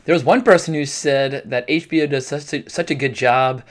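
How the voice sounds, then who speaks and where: A man's voice: medium pitch, moderate pace. A man casually reviewing a TV episode, chatty and self-deprecating, with frequent fillers and restarts. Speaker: TV review vlogger.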